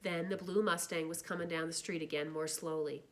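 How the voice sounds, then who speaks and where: A woman reading a novel aloud in steady, plain narration. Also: lowish voice, a little fast. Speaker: reader.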